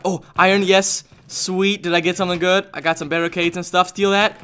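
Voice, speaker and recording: A young man narrating a video game as he plays, excitable and jokey, often shouting. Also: on the high side, brisk, clear, resonant tone. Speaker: gaming YouTuber.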